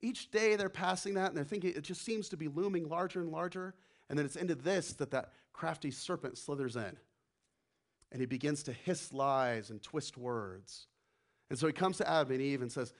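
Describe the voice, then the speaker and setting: A man preaching a sermon as the pastor, animated, acting out the voices he quotes and dropping to a hush for emphasis. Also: fairly high pitch, fairly quick.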